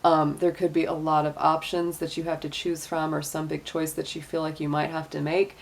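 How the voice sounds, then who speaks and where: A woman's voice: low voice, level tone, normal speed, gravelly, slight background noise. A middle-aged woman giving a casual tarot reading, chatty and encouraging, with lots of "um" and "you know". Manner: chatty and encouraging, many fillers. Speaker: tarot and astrology reader.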